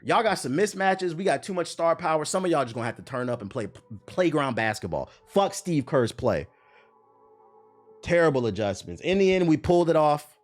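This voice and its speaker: A man's voice: a little high, lively intonation, a little fast. A young man streaming live, ranting in a heated, profane and emphatic way, with faint music behind him. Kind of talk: animated live-stream rant.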